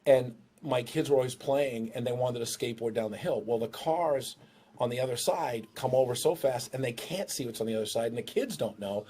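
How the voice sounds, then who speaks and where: A man's voice: fairly quick, mellow, a little hiss or hum. A middle-aged man, a dog trainer hosting his show, giving casual, joking advice on dogs and a new baby. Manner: joking, breaks into shrill impressions of owners.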